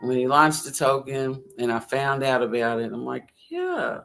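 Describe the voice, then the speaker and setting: A woman's voice: a bass voice, level tone, moderate pace, creaky, fairly bright tone, faint music behind. A woman hosting a casual crypto livestream, chatty and rambling, often giggling.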